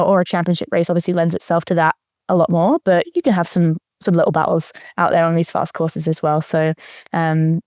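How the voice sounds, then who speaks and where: A woman's voice: on the low side, darkish tone, no room sound, clean studio sound. A young adult woman talking casually as an interview guest, thoughtful, with frequent fillers and restarts. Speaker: interview guest, marathon runner.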